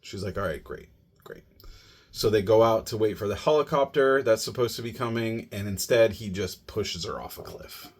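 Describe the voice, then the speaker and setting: Casual man with a lowish voice. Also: moderate pace, hardly any pauses. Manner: conversational, many "you know" and "like" fillers. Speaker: podcast movie reviewer. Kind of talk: casual plot summary.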